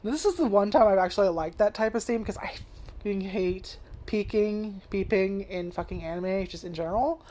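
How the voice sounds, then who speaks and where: A woman's voice: mid-range voice, normal speed, dark tone. A woman in a mid-range voice rambles through an anime review in a loose, casual way. She leans on fillers and curses freely, slipping into character lines as she recaps. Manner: lots of "like" and restarts.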